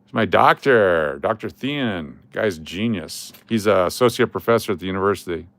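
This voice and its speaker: Low-pitched and a bit bright, this middle-aged man's voice carries lively intonation at a normal speed, recorded with no echo. He hosts a coin collecting channel and, in a casual vlog, rambles and jokes about old photos, chuckling and restarting his trailing sentences.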